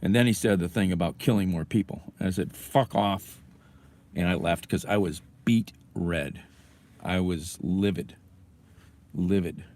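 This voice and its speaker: A man's voice: sits low, unhurried, darkish tone. Angry, profane man ranting on a livestream. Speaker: livestream host. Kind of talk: casual livestream rant. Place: in a car.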